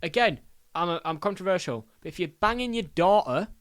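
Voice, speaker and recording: A man's voice: sits high, lively intonation, a little fast. A man co-hosting a podcast, chatting casually about films, laid-back and slangy, swearing freely. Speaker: podcast co-host. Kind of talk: casual film chat.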